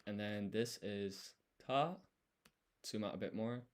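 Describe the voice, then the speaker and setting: Slow, low-voiced man thinking aloud. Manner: unhurried, talks himself through each step. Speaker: language learner streaming his study. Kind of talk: thinking aloud while writing.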